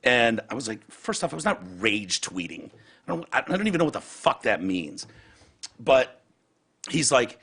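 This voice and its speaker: A man's voice: mid-range voice, big pitch swings, normal speed, gravelly, a bit bright, breathy edge. A man hosting a podcast in casual chat, ranting heatedly and profanely and acting out other people's words. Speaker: podcast host.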